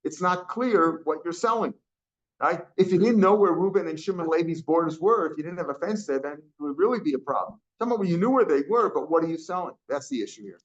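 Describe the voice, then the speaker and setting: A man teaches a daily Talmud class, explaining each line and mixing English with Aramaic and Hebrew terms while often repeating and restarting phrases. His voice is on the high side, animated, and quick. The recording is dull and lo-fi.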